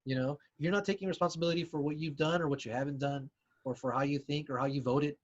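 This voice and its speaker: Slightly high, muffled podcast man. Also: steady tone, fast. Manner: hesitant, many fillers and restarts, explains with examples. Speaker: podcast co-host. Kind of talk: casual chat.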